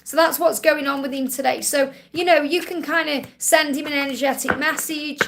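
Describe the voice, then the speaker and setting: A woman from England with a Stoke-on-Trent accent and a high voice. She gives a live-streamed card reading in a soothing, reassuring way and calls her viewers honey. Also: fairly even intonation, moderate pace, gravelly, noisy background. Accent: Stoke-on-Trent English. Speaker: psychic reader.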